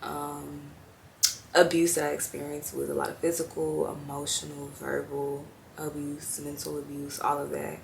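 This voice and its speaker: A young woman talks straight to the camera in a slow, heartfelt confessional, her voice low and gravelly. She trails off into fillers and sounds tearful at times, with faint noise behind her. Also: completely flat delivery. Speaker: vlogger. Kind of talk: personal confessional talk to camera.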